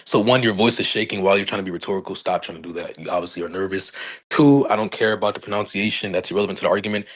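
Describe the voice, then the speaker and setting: A man in an online debate with a low, husky voice, talking quickly through a phone mic. He stays combative and insulting while claiming to speak calmly. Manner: combative, insulting, insists he is calm.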